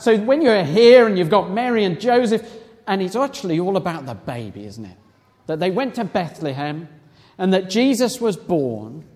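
A man with a high voice leads a family church service, lively and rousing as he gets the children to cheer. His voice rings out with long reverb in a large, echoey hall.

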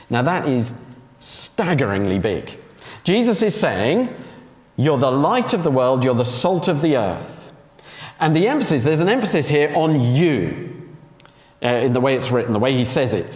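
A man's voice: mid-range voice, very animated, measured pace. A man preaching a sermon, emphatic, repeating key phrases and asking rhetorical questions. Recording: echoey hall with long reverb.

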